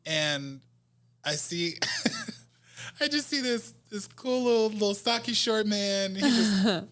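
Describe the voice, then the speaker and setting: A man from New Jersey, an R&B singer, telling stories as a guest in a casual interview, animated and laughing often. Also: high voice, slow pace.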